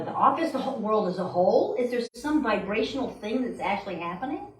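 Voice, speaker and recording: Woman preaching in church, light laughy casual sermon, kinda high voice, echoey from far back. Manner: chatty, laughs often, playful asides to the congregation. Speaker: speaker at a church service. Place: church sanctuary. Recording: roomy church sound from a distance.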